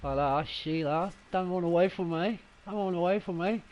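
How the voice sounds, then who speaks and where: A man's voice: high-pitched, normal speed, a little mellow, dull audio, slight background noise, voice pushed up, close to an everyday voice. A man putting on a hammy Australian bushman. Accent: put-on Australian. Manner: hammy, playful. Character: jokey Australian bushman, brash and flirty.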